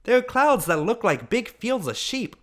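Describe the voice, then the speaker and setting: A man's voice: high-pitched, sing-song, normal speed, voice pushed up. A man reading an audiobook, voicing a chatty young neighborhood girl in a perky, sing-song way. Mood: dreamy.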